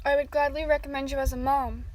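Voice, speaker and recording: A woman reading the part of a calm, motherly caretaker with a sweetly menacing manner. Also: sits high, quick pace, lightly acted, poor audio.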